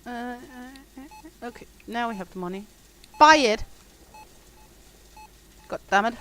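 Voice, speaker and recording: A woman's voice: a little high, unhurried, a bit bright, low-quality recording. A woman streaming a simulation game, chatting casually and jokingly with her viewers. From Denmark. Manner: chatty, joking, reads chat aloud. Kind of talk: casual chat with viewers while gaming.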